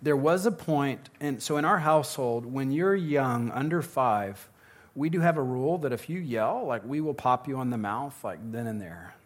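A man's voice: mid-range voice, lively intonation, normal speed. Guy taking audience questions at a talk, chatty and jokey, restarts a lot. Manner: conversational, joking, restarts often. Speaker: speaker answering audience questions on parenting. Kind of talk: live Q&A talk.

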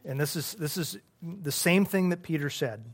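A man pastor leading a Bible study, talking earnestly in a halting, conversational way with many restarts. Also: on the high side, expressive.

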